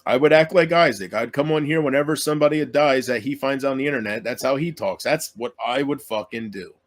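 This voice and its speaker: A man's voice: mid-range voice, a little fast. A man YouTuber in an emotional solo rant to his viewers, aggrieved and self-pitying, swearing often and trailing off mid-sentence.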